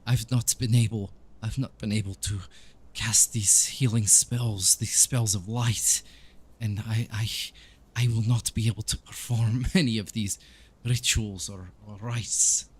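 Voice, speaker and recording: A man's voice: on the low side, measured pace, a bit bright, slightly rough. A man voicing a grieving older male village priest who weeps, stammers and pleads in a raised voice. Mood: grief-stricken.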